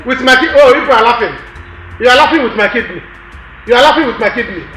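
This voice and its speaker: A playful comedian keeps up his teasing banter in a high, bright voice. The room sounds echoey, and faint music runs beneath. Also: animated, moderate pace, a little hiss or hum. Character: joking wedding comedian teasing guests. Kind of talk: film acting. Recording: roomy echo with faint music.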